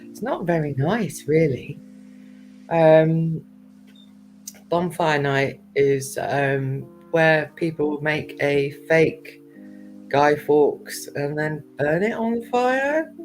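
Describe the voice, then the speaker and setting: A woman with a posh English accent chatting casually on a livestream, laughing often and pausing with fillers. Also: low voice, a little mellow, poor audio. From United Kingdom. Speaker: guest on a livestream chat. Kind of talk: casual chat. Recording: faint music behind.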